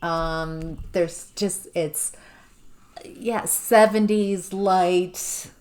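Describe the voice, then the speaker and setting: A woman giving an intuitive tarot reading to the viewer, musing and halting, with sudden exclamations of surprise. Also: on the low side, steady tone, a little mellow. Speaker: tarot reader.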